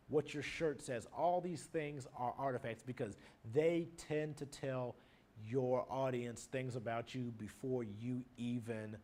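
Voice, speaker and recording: This is a recorded class lecture on nonverbal communication given by an adult man who is married. His voice sits in the middle range and has a slight mellowness, and he works through the terminology term by term in a straightforward manner, using examples from daily life.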